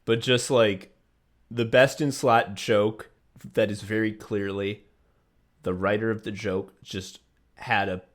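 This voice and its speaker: This co-host of a casual comedy podcast has a fairly low voice, a steady tone, and a slow delivery. Between rants full of swearing and put-on voices, he laughs frequently while talking.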